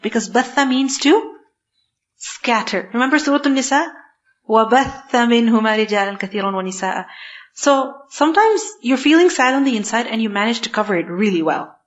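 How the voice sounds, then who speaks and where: A woman giving a scripture lecture, emphatic, asking herself rhetorical questions and reciting Arabic verses quickly. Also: sits high, lively intonation, muffled recording. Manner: emphatic, asks rhetorical questions then answers them. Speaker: Quran teacher. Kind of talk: tafsir lecture.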